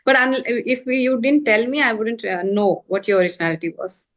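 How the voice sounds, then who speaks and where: Polite higher-voiced female interviewer. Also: brisk. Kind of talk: interview questions.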